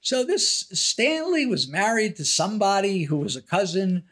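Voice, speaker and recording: A man's voice: high voice, moderate pace. An older man co-hosting a podcast, telling family stories in casual chat and acting out the quotes. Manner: animated storyteller, acts out quotes in a raised voice. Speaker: podcast co-host.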